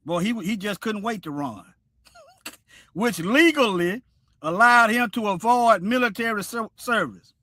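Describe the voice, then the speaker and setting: Brief: male stream host, preachy and repetitive, sharp high voice. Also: a little slow, dry recording, studio quality. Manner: preachy, repeats himself, animated. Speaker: livestream host. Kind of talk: casual commentary livestream.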